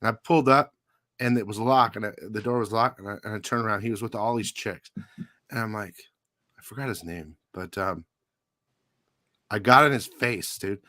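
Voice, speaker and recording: A man's voice: fairly low pitch, normal speed, long pauses, sharp tone, dry recording. A man hosting a live comic book show, telling a story casually with profanity, frequent laughs and lots of "dude".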